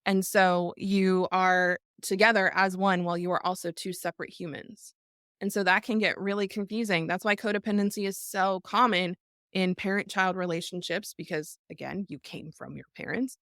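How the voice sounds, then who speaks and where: A woman's voice: lowish voice, fairly even intonation, normal speed, fairly bright tone, no room sound, clean studio sound. A middle-aged woman hosting a podcast, speaking earnestly and tearfully in a reflective live talk, repeating phrases for emphasis. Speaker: podcast host.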